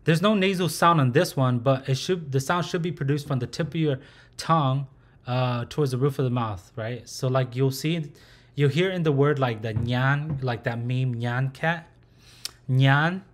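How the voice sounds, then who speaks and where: A man's voice: mid-range voice, normal speed. A man teaching a recorded language lesson. He speaks patiently, sounds out syllables and repeats them aloud.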